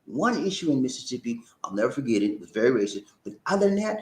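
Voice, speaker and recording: A man hosting a live-stream talk show, reading viewer comments and calling out shout-outs in an animated, preacher-like way. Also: medium pitch, quick pace, roomy sound.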